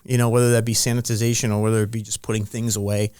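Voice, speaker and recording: A man's voice: on the low side, flat delivery, fast, hardly any pauses, darkish tone, no room sound, clean studio sound. A middle-aged man, a strength and conditioning coach, talking in a casual interview, rambling with many restarts and telling stories with animation. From Rhode Island.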